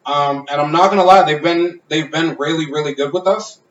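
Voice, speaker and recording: A man's voice: a little high, fairly quick. A man hosting a casual podcast from a garage, talking in a loose, rambling way with plenty of swearing. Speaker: podcast host. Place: home garage. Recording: roomy, distant, dull garage sound.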